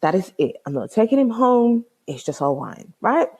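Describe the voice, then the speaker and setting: A woman's voice: medium pitch, sing-song, normal speed, darkish tone, slightly rough. A young woman with a London accent hosting her own podcast. She tells a story in casual slang, exclaims often and acts out both sides of a conversation. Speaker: podcast host.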